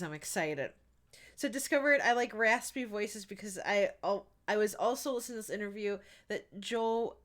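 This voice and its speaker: A woman's voice: a little high, a bit bright. A woman streaming a video game, chatting casually and giggling as she rambles. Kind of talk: casual live-stream chat while gaming.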